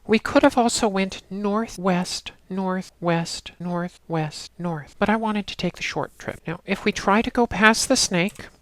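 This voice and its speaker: A woman narrating a game walkthrough in a steady, instructional way, talking the player through each step. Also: medium pitch, a little slow, hardly any pauses, dry recording. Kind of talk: casual let's-play walkthrough narration.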